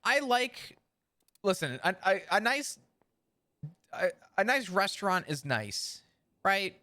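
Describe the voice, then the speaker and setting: A man streaming a roleplay game, chatting in character in an animated way, swearing and explaining at length. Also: high voice, slow, no echo. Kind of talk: casual in-character roleplay chat.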